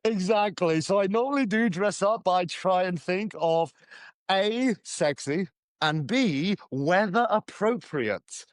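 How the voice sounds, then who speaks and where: A man co-hosting an English-learning podcast, joking quickly and stopping to explain vocabulary. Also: sits high, lively intonation, dry recording, clean studio sound. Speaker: podcast co-host and English teacher. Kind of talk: casual chat.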